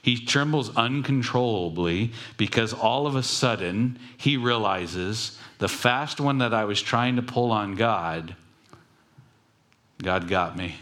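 Male preacher with a lowish voice, conversational and wry. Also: takes it slowly, fairly bright tone. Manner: conversational, jokey asides. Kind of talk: casual sermon storytelling.

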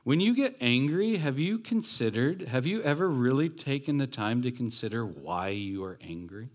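A man's voice: medium pitch, expressive, normal speed. A man preaching a sermon as pastor, talking in a conversational way with rhetorical questions and joking asides.

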